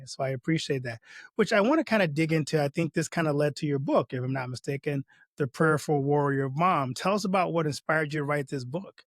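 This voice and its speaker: A man's voice: fairly high pitch, fairly quick, dry recording. A male host sums up his guest's story in an affirming, reflective way before moving to a question. The sound is dry and close. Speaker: podcast host. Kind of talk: interview conversation.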